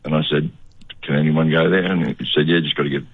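An older Australian man, an actor, telling stories in a relaxed way during a radio interview. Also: very deep voice, fast, no room sound, narrow, tinny audio. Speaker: actor guest.

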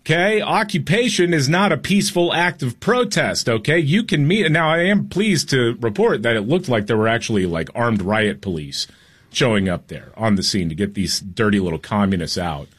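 A man co-hosting a political talk radio show, opinionated and animated, joking as he goes. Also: mid-range voice, normal speed, slightly rough.

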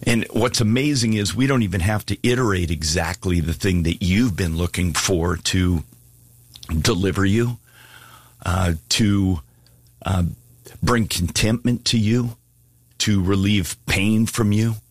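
Man, preacher, husky voice, low pitch, earnest pleading sermon, dry close sound. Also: a little slow, no echo. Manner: earnest, pleading, rising to fervent appeals. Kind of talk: sermon with altar call.

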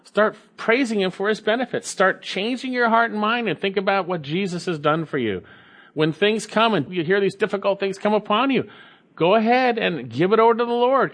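Emphatic preaching man, higher voice. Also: lively intonation. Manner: emphatic preaching, rising and falling, repeats key phrases; reads scripture slowly and deliberately. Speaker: pastor. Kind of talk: sermon.

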